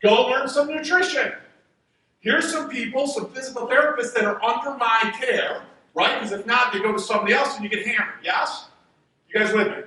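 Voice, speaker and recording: A man with a very high, piercing voice preaches from a stage, mixing fired-up shouts with quiet asides. His bright, sharp tone rings out through a large reverberant hall, heard from a distance. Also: fairly quick. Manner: energetic, shouting at peaks, drops to a hushed aside. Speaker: chiropractor speaking at a seminar. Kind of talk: motivational stage talk. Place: large event hall with an audience.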